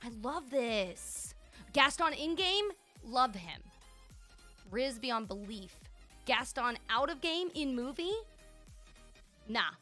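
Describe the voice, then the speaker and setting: A young woman streamer talking live over her game, her voice swooping up and down as she gushes and chatters casually. Her voice sits a little high. Faint game music plays behind her. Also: takes it slowly, pauses often. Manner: gushing, animated, chatty with lots of "like" and "dude".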